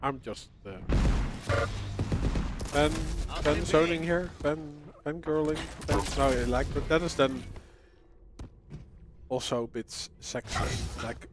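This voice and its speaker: Slow, joking male co-commentator. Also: a little high, very noisy. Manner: playful, punning, halting. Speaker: esports co-caster.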